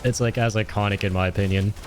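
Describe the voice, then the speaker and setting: Excitable streamer with a low voice. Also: male voice, fast, background noise. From Canada. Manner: excitable, swears and yells at the game. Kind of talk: casual live-stream gaming chat.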